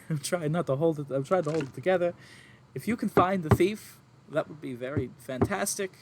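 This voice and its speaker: A man's natural voice, at a moderate pace over background noise, takes on a tabletop role-play character: a middle-aged farm mother, emotional and flustered. She stammers and rambles tearfully about her troubles, breaking into high, squeaky jumps.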